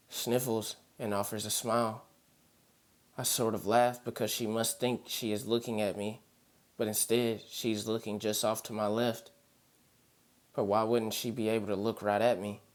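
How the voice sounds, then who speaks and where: A man narrating a first-person horror story in a steady, earnest storytelling manner. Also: fairly low pitch.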